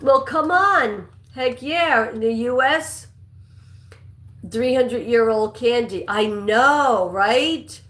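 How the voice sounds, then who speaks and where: A woman's voice: fairly high pitch, slow pace, fairly bright tone. A woman hosting a live-stream trivia game, chatting with viewers and reading questions aloud, sometimes stumbling and restarting a line. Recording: echoey room.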